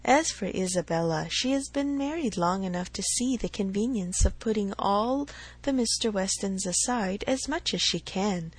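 A woman voicing a dry, sensible married gentleman in a narrated novel, calm and reasonable. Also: mid-range voice, moderate pace, husky, poor audio.

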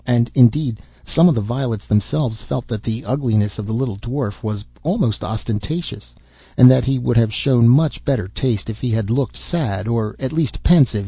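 A man narrating a classic fairy tale in a measured, even reading. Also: mid-range voice, breathy edge, no echo. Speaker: audiobook narrator. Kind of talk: storybook narration. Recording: dull, dry lo-fi recording.

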